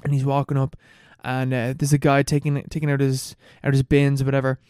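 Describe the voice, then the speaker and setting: A man's voice: medium pitch, completely flat delivery, warm tone, clear, resonant tone, no room sound, studio quality. A man in a casual chat, rambling and laughing as he recaps a film plot. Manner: rambling, laughing, swearing, fast storytelling.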